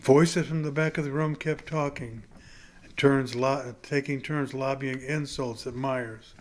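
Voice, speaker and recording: A man reading a novel chapter aloud in a plain, unhurried way. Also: medium pitch, steady tone. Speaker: audiobook reader.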